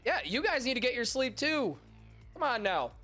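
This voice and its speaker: A man's voice: very high voice, sing-song, normal speed, sharp tone, faint music behind. A young man hosting a podcast stream, chatting casually and crudely with his chat, his voice stuffy and nasal from allergies. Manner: crude, joking, self-mocking, swears a lot. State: congested, stuffy nose from allergies.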